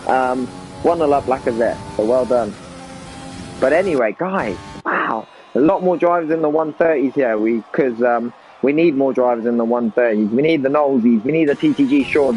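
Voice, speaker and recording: A man giving casual, excitable commentary on an esports racing league, talking to viewers. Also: mid-range voice, poor audio. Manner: excitable, chatty, addresses viewers as guys.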